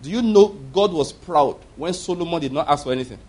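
A male pastor preaches a sermon in a voice on the high side, slightly fast and a little mellow, with lively intonation and a breathy edge. He tells stories emphatically, acting out the voices of those he quotes.

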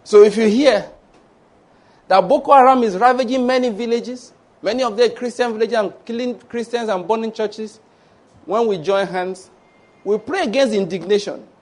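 High-voiced Nigerian pastor preaching. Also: male voice, moderate pace. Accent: Nigerian English. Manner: storytelling, mimics voices, bursts into shouted mock prayers. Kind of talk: sermon.

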